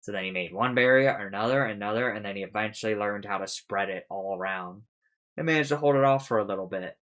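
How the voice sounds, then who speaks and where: A man with a slightly low voice talks his way through a casual recap of an episode. He rambles with plenty of fillers and swears freely, often laughing at his own jokes. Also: quick pace, fairly bright tone. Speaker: reaction video host.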